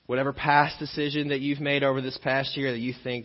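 A man preaching a sermon as pastor, an animated storyteller who acts out scenes and jokes along the way. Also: medium pitch, a little fast, long reverb tail. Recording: dull lo-fi sermon recording.

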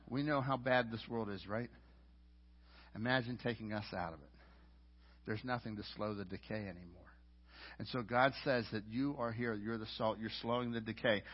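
Man, pastor, sermon, loud emphatic lines and quiet asides, dull lo-fi recording. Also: a little high. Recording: dull lo-fi audio.

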